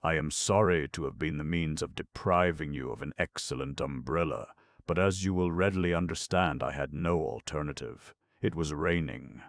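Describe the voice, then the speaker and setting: A man voicing a suave, unflappable young gentleman who talks in a florid, mock-formal way. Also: a bass voice, normal speed, dry recording, studio quality. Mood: mock-solemn.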